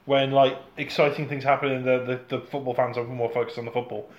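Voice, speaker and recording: A man's voice: mid-range voice, little pitch movement, roomy sound, highs cut off. A man chiming in with jokey remarks during a casual chat. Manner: jokey interjections, mock shouting, quick quips. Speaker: podcast co-host.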